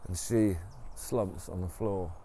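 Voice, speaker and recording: A man with a low, gravelly voice retells a story at an unhurried pace. He rambles, restarts and fills gaps with ums. A faint hiss sits under the recording. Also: fairly even intonation, mellow. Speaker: podcast storyteller.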